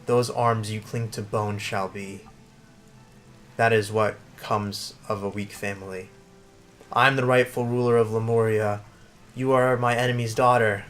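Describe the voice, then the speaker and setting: A man's voice: fairly low pitch, steady tone, a bit bright, faint music behind. A man voicing a cold, cruel stepmother queen with a put-on British accent, drawn out and menacing. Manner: haughty, drawn-out menacing delivery.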